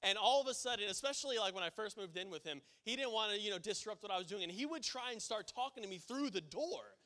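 A man's voice: sits high, animated, quick pace, pushed and bright. A male preacher giving a sermon, telling a casual story that builds to emphatic preaching.

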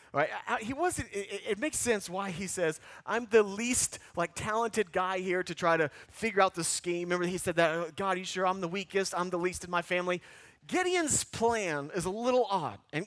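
High-voiced, impassioned male preacher. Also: normal speed, dry recording. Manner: animated preaching, repeating lines for emphasis, dropping low and quiet toward the close. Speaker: pastor. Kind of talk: sermon.

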